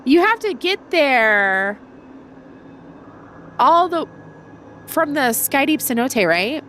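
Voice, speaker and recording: A young woman with a high, fairly bright voice streams a video game, sounding congested as she rambles casually to her viewers in let's-play commentary. She is very animated but takes it slowly, with slight background noise.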